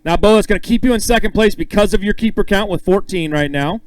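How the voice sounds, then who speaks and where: Man, high voice, upbeat live emcee, joking banter, dry close sound. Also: no room sound, rough recording. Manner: upbeat, joking, calls names with drawn-out emphasis. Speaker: tournament weigh-in emcee.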